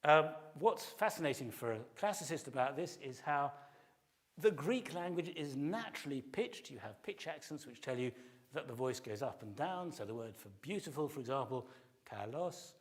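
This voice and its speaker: A man's voice: fairly high pitch, expressive, normal speed. A middle-aged man, a classics professor, giving a public lecture and explaining in detail, at times singing short phrases to illustrate. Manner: explanatory, sings short snatches of melody to illustrate. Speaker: classics professor giving a pre-concert talk.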